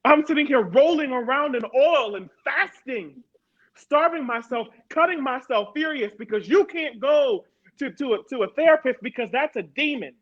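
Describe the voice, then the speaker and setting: A woman from Harrisburg, Pennsylvania, speaks as a panel guest in a strikingly high voice, pressing her points with emphatic repetition. The sound is dull and lo-fi. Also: animated, normal speed. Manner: emphatic, repeats words for stress. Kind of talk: personal testimony in a panel talk.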